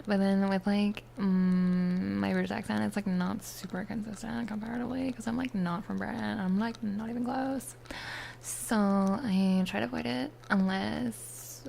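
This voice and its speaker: Close to the ASMR mics, a young woman with a Valley Girl accent chats in a whispered role-play as an ASMR streamer, drifting between whisper and soft voice. Her medium-pitched voice is creaky, she fills her talk with "like," and there's slight background noise.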